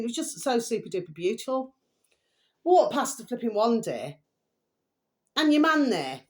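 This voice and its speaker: Rambling woman in her fifties. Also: on the low side. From England. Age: 50s. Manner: meandering, full of pet phrases and restarts. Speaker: vlogger. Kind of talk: rambling monologue to viewers.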